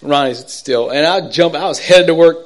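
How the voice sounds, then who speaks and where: An earnest man with a slightly high voice tells his own faith story. He rambles and restarts, checks in with his listeners, and moves between soft, hushed passages and loud, excited bursts. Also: normal speed. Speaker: speaker giving a personal faith testimony. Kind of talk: personal testimony storytelling.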